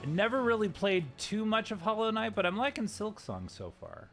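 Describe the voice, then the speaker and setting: A man giving casual live-stream commentary while he plays a video game. His voice sits a little high and swings up and down with plenty of life. He jokes around and lets out sudden yelps and the odd curse. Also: normal speed, soft background music. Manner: animated and joking, with sudden yelps and swearing.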